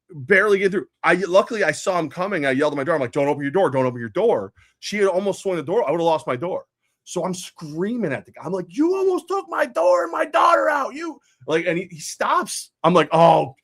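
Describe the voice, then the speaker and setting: A middle-aged man co-hosts a sports talk show, his voice sitting a bit high for a man. He tells stories in an animated, ranting way and breaks into shouts. The sound is dry and close, with no room around it. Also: no room sound. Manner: animated storyteller, rants with shouted outbursts. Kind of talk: casual sports radio chat.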